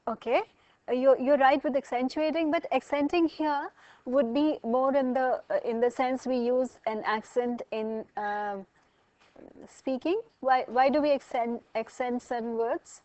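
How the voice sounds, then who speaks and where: A woman's voice: high-pitched, steady tone, unhurried, a little mellow, no room sound, rough recording. A woman lecturing a college class, asking students questions and explaining with everyday examples.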